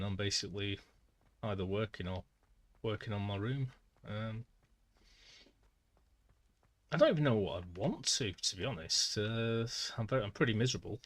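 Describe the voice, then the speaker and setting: A man with a British accent chatting casually on a gaming livestream, dry, rambling and self-deprecating. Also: on the low side. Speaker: gaming streamer.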